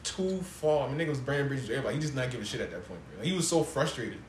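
A man co-hosting a podcast, chatting casually about TV shows in fast slang with lots of swearing. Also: medium pitch, lively intonation, reverberant, a little hiss or hum. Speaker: podcast co-host.

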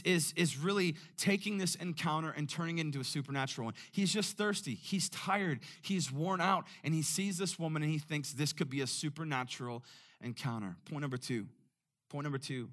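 A male pastor preaching a sermon, telling a personal story and acting out the dialogue with lively energy. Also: on the high side. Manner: animated storyteller, acts out dialogue.

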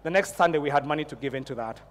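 High-voiced male pastor preaching. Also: very fast, long reverb tail. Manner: storytelling, rising to fervent prayer. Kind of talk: sermon with personal testimony. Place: church before a congregation.

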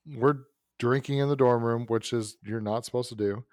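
This podcast host has a mid-range, slightly mellow voice with fairly even intonation and a moderate pace, captured in a dry, clean studio recording. Chatting casually, he spins out a long personal anecdote, rambling through asides and correcting himself as he goes.

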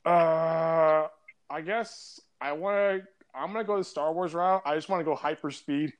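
A man's voice: fairly high pitch, measured pace, a little hiss or hum. A man chatting casually on a podcast, laughing often as he tells stories. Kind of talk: casual chat.

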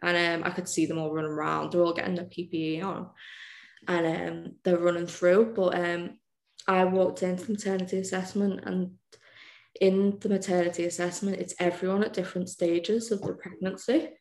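A woman's voice: lowish voice, little pitch movement, a little fast, a little mellow, echoey room. A woman from the UK telling her own story as a podcast guest, chatty and full of "like". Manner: chatty, says "like" constantly. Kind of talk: casual storytelling.

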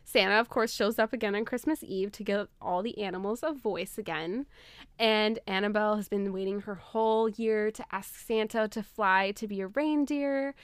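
A woman's voice: mid-range voice, clean tone, no echo. A woman on a podcast, retelling a film plot in casual chat and laughing often. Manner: animated storytelling, laughs often.

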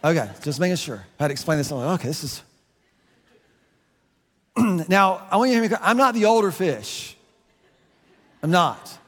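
Guy preaching a sermon, higher voice, chatty, lots of restarts, big echoey hall. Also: expressive, brisk. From United States. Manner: conversational preaching with repeated restarts and asides. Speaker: pastor.

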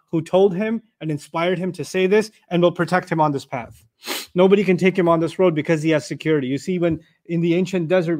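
High-voiced man lecturing on scripture. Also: darkish tone. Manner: explanatory, uses rhetorical questions and examples, recites Arabic. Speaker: Quran teacher. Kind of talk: lecture on Quran verses.

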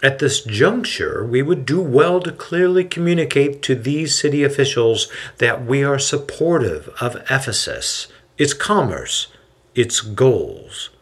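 A man voicing a calm, wise older teacher who speaks quietly and in measured phrases. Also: medium pitch, slightly rough.

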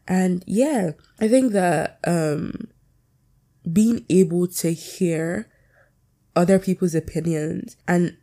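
A woman hosts her own podcast and chats alone at a quick clip, rambling and swearing as she goes. Her voice is low in brightness and mellow, with a lot of vocal fry. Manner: fast, rambling, candid, swears freely. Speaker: podcast host. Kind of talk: casual solo podcast chat.

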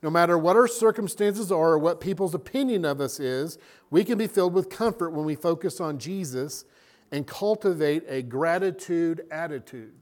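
A man preaching a sermon as a pastor, animated and acting out little scenes. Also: a little high, normal speed.

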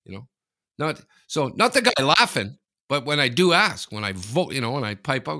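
A man co-hosting a podcast over a remote line. He talks in an animated, rambling way and laughs through his own stories. His voice is mid-pitched and bright. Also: moderate pace. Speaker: podcast co-host. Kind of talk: casual chat.

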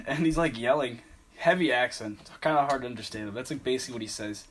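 A man's voice: medium pitch, quick pace, a bit bright. A young man in casual chat, telling a story in a laid-back way, swearing and laughing often.

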